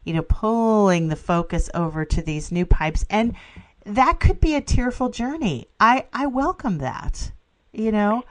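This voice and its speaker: A woman's voice: medium pitch, lively intonation, measured pace. A middle-aged woman co-hosting a casual spiritual podcast, enthusiastic, laughing often and filling with "you know". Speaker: podcast co-host.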